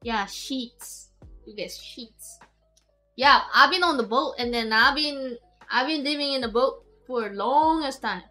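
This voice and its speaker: Lady streaming, high voice, rambles n giggles, keeps restarting. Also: unhurried, sharp tone, soft background music. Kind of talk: casual live-stream chat.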